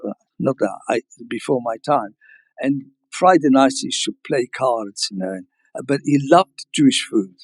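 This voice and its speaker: An older man from Libya recounting family history to an audience, halting with restarts and chuckles. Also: medium pitch, dry recording, rough recording. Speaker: guest speaker.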